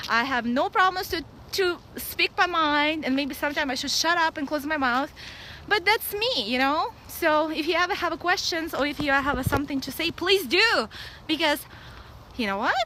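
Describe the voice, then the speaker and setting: Bright excitable Russian-accented woman. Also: high voice, a little hiss or hum, low-quality recording. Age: 30s. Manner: blunt, excitable, laughs often. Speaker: vlogger. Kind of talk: casual live vlog. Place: outdoors at a dog park.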